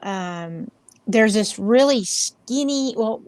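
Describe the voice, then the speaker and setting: Interviewed as a paranormal investigator, a woman tells rambling, chatty stories in a casual way, acting out the voices of the people in them. Her voice sits on the high side and is expressive, slow, a little mellow, clear and resonant.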